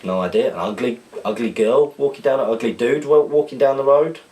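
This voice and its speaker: A man's voice: medium pitch, brisk, a little mellow, far from the mic, low-quality recording. A man hosting a podcast alone, reading out viewer questions in a loose, rambling chat and correcting himself as he goes.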